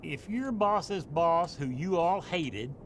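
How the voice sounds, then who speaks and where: A man's voice: on the high side, animated, takes it slowly, slight background noise. An actor playing a lazy, sarcastic male deputy in a western video game, drawling and dodging questions.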